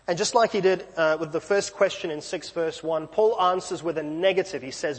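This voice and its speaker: A man's voice: a little high, a little fast, few pauses, breathy edge, big-room sound. A man preaching a sermon in a church, talking conversationally with light self-deprecating asides.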